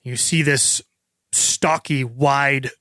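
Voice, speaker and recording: A man's voice: mid-range voice, steady tone, measured pace, bright, forceful tone, no room sound, clean studio sound. A man narrating a tabletop game as game master, painting vivid scenes with casual fillers.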